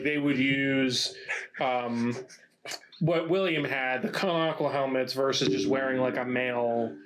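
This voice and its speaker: A man's voice: mid-range voice, rough recording. A man co-hosting a podcast, reading research notes aloud in a casual chat and breaking into laughter. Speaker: podcast co-host presenting research.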